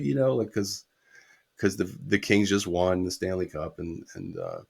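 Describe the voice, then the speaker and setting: Deep-voiced man telling a story. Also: animated, moderate pace, vocal fry, a little mellow, husky. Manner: storytelling, quotes people, swears casually. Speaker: guest musician. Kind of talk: casual anecdote telling.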